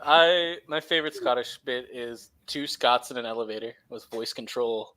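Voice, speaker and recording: A man's voice: mid-range voice, normal speed, sharp tone. A man playing a tabletop game, chatting casually and joking, often laughing. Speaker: player.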